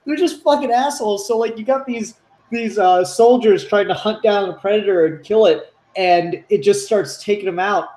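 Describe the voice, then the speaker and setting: A man co-hosting a casual comics chat, excitable and profane, acting out scenes as he talks. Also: sits high, normal speed, slight background noise. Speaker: podcast co-host. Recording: roomy echo.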